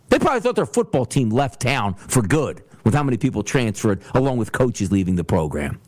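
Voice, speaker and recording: A man hosting a solo sports talk show, ranting in an animated way and slipping into mocking voices. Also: medium pitch, no room sound. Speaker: sports podcast host.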